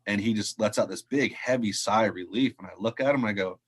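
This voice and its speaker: Man, lowish voice, golf pro guest, casual storytelling, animated, laughs a lot, video call. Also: fast talker, husky. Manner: animated storyteller acting out quotes, laughs often. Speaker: head golf professional, podcast guest.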